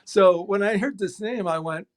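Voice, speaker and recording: Middle-aged man, bookstore owner, chatty anecdotal guest, slightly high voice. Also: moderate pace. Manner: animated anecdotes, acts out quoted voices. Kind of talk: casual interview storytelling.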